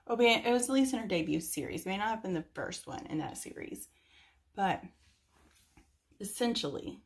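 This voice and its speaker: A woman's voice: medium pitch, vocal fry, a little mellow. A young woman chatting casually about books she recommends, rambling a little with lots of fillers. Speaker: book reviewer. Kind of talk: casual chat.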